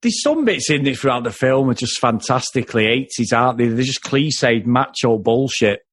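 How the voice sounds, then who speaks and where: A man's voice: medium pitch, lively intonation, moderate pace, no room sound. A man co-hosting a casual film review podcast, blunt and jokey, tagging his points with questions. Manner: conversational, full of tag questions, blunt and jokey. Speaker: podcast co-host.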